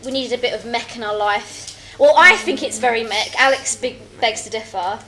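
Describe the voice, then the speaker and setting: A woman on a casual anime review show, retelling scenes with animated energy and laughter. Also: a little high, normal speed, low-quality recording.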